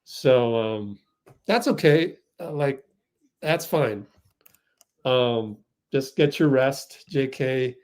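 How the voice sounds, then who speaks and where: A man hosting a fan livestream, giving excitable live play-by-play and getting outraged at the referees. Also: mid-range voice, very slow.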